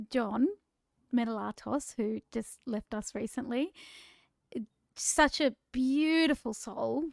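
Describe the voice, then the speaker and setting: Chatty woman, smooth voice. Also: on the high side, no room sound, clean studio sound. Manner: warm, chatty, laughs often, repeats words when starting sentences. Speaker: podcast co-host. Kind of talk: casual chat.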